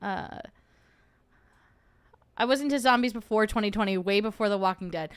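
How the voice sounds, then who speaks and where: A woman's voice: mid-range voice, moderate pace, clear, resonant tone, dry recording. A young adult woman hosting a livestream, chatting casually and joking in rambling asides while reacting to a video. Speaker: host.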